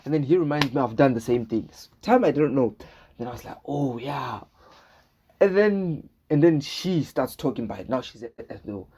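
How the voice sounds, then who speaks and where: Speaking a little fast, a young man with an expressive, mellow, husky voice of medium pitch rambles through a casual storytime vlog. He repeats words, frequently asks "right?", and performs what others said as he retells it.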